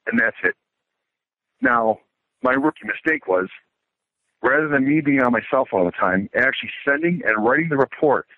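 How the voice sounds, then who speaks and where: A man's voice: mid-range voice, no room sound. A middle-aged man calling in, telling a story in a casual, matter-of-fact way, like a military report. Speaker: caller. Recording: tinny phone line.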